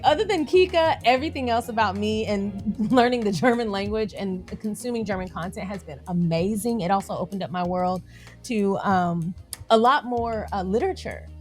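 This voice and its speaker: A woman with a Southern country accent hosts her own vlog in a chatty, animated way. She laughs easily and sounds natural and unscripted. Faint music plays behind her voice. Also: medium pitch. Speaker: YouTube channel host. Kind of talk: casual vlog chat.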